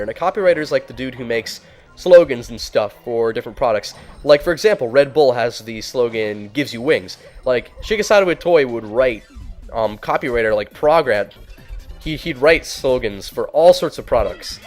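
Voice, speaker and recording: A man hosting a let's play, talking casually over the game in a mid-pitched voice. He rambles from tangent to tangent, leaning on "like" and "um". He gets quickly worked up over small things in the game. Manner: rambling, lots of "like" and "um", easily excited. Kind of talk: casual gameplay commentary.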